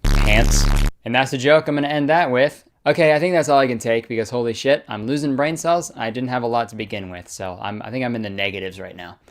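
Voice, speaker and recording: A man's voice: mid-range voice, quick pace, slight background noise. A young man giving casual, sarcastic comedy commentary as a YouTuber, swearing, laughing often and saying "dude" a lot. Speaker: comedy YouTuber reading fan fiction aloud.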